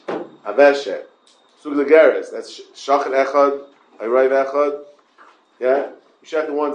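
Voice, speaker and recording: A man's voice: mid-range voice, echoey room. A man giving a Talmud class. He stumbles over his words and often asks the listeners questions. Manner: halting, repeats words and restarts often. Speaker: Talmud teacher.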